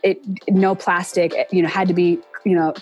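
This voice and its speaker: A woman in her forties, a guest in a casual interview, talking earnestly and reflectively and acting out quoted speech with lively pitch jumps. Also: normal speed, muffled recording, soft background music. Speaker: interview guest, entertainment production professional.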